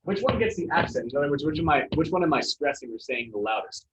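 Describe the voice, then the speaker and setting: A man's voice: on the high side, expressive, fast talker, background noise. Casual man teaching in an echoey classroom. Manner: casual, filler-heavy explaining. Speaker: Spanish teacher. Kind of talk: classroom lesson. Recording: echoey, distant, dull classroom recording.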